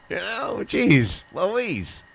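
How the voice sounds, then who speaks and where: A man's voice: high voice, gravelly. A man hosting a casual live stream chat, telling rambling stories full of swearing and mock accents. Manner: rambling storyteller, swears a lot, mimics accents.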